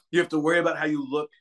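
A man's voice: on the high side, a bit bright. An older man from Kentucky, a guest actor, chatting in an interview and telling meandering stories. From Kentucky, USA. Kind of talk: casual interview chat.

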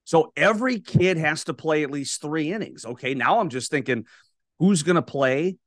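A middle-aged man hosting a podcast from a small studio, talking in a folksy, animated way as he reads a sponsor spot and tells stories. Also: on the high side, normal speed, no room sound. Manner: chatty, folksy, animated storytelling. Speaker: podcast host. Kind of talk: solo podcast monologue with sponsor read.

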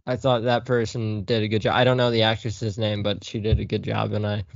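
A man's voice: fairly low pitch, flat delivery, a little fast, creaky, dry recording, dull audio. A man co-hosting a casual movie podcast, joking and swearing as he rambles about the cast. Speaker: podcast co-host.

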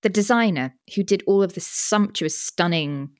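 British woman, low-pitched, dry close mic, chatty podcast co-host, enthusiastic. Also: expressive, normal speed, a little mellow, no echo. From Britain. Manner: chatty, enthusiastic, trailing off and restarting. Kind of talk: casual chat. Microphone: studio microphone with pop filter.

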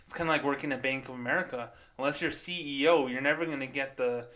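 A man's voice: mid-range voice, fast, sharp tone. A man hosting a podcast, ranting in a profane, sarcastic, mocking tone. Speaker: podcast host. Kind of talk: casual ranting commentary.

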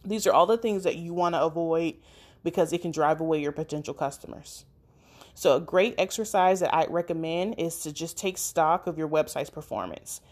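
A woman giving practical, direct advice on running a business website, with occasional fillers. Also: low voice. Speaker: business coach. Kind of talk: instructional talk.

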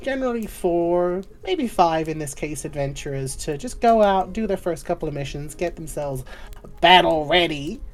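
A woman voicing a warm, slightly unhinged guild clerk who calls everyone love and darling. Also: fairly low pitch, lively intonation, normal speed, soft background music, pitched above the performer's own voice, natural voice. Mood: doting.

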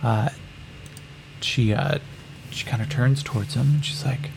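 A man narrating a solo tabletop game and rolling on tables, in a relaxed way with many fillers. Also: medium pitch, measured pace, vocal fry, pauses often, background noise.

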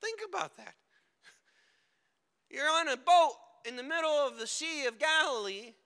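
A man preaching a dramatic sermon, swinging from hushed words to loud cries. His voice is very high and bright. It rings through a large hall with a long reverb tail. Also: lively intonation, unhurried.

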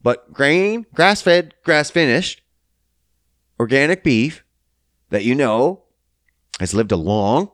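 A man giving a heated, profane ranting monologue, blunt and quick to swear. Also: mid-range voice, animated, fairly bright tone, no echo, clean studio sound.

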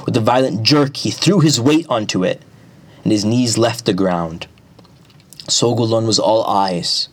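A man narrating an epic folk tale at a measured pace, with small restarts. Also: fairly low pitch, no room sound. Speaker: storyteller.

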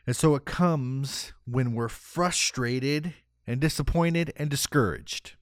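A man giving a motivational talk, energetic and rhetorical, often asking "right?". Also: mid-range voice, slow, no echo, clean studio sound. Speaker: motivational speaker.

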